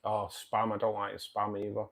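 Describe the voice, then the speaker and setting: A man's voice: on the low side, completely flat delivery, moderate pace, vocal fry, a bit bright. A British man hosting a live stream, chatting in a matey, casual way, swearing now and then and often chuckling. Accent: British English. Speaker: live-stream host reading viewer comments.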